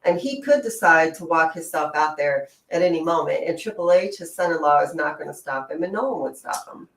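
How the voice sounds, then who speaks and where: A co-host in a casual wrestling chat, emphatic and reacting quickly. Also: medium pitch, animated, creaky, fairly bright tone, distant mic. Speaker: podcast co-host. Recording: echoey room, off-mic.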